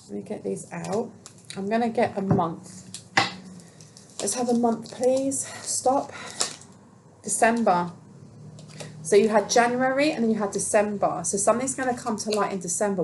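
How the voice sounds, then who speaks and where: A woman's voice: mid-range voice, very noisy. Chatty woman giving a tarot reading. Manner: chatty, rambling, many fillers and restarts; talks to herself while handling cards. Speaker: tarot reader. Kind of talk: casual collective tarot reading.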